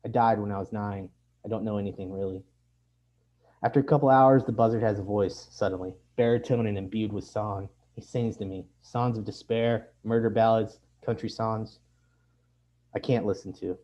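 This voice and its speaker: A man reads his own fiction aloud in a measured, deadpan way. His voice sits low and sounds dark and mellow. The lo-fi recording sounds dull. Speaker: author reading his fiction. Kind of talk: literary reading.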